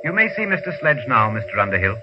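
An actor playing a polite, emotionless male servant robot in a 1950s radio drama, speaking in a calm, formal way. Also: medium pitch, fast talker, over loud music, close to an everyday voice. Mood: coolly polite. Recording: lo-fi vintage radio recording.

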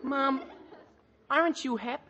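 An actor playing an eager, excitable teenage boy in a 1940s radio comedy, bouncy and slangy, with a breathy tone. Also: very high-pitched, takes it slowly, muffled recording, a little hiss or hum, full character voice. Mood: cocky.

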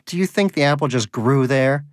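A man's voice: medium pitch, normal speed, no room sound, clean studio sound, close to an everyday voice. A man voicing a hungry, pious pet hamster who preaches with earnest indignation. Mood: preachy.

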